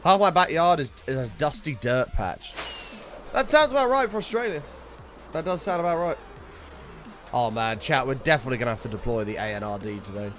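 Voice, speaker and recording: A man's voice: medium pitch, quick pace, faint music behind. A man chatting casually on a game livestream, reading chat and swearing often. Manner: animated, swears often, reads chat aloud. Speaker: streamer.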